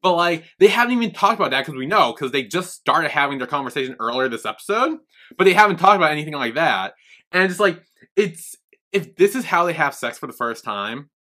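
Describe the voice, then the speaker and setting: A man's voice: fairly high pitch, very animated, a little fast, pushed and bright. A young man co-hosting a podcast in casual chat, laid-back, swearing casually as he retells scenes. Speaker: podcast co-host.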